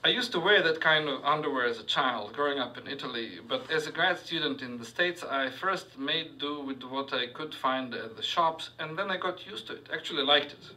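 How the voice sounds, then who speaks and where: A man reads his fiction to an audience, pausing on frequent fillers and breaking off for asides. His voice is bright and a touch high, caught by a mic some distance away in a reading hall. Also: expressive, a little hiss or hum. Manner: halting, many filler sounds, asides to the audience.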